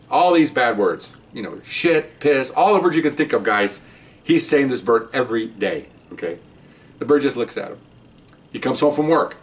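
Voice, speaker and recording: A man's voice: fairly low pitch, lively intonation, brisk, distant mic. Rambling older male ex-cop storyteller. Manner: rambling, profane, acts out the voices in his story. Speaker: retired police officer storyteller. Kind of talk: casual anecdote telling.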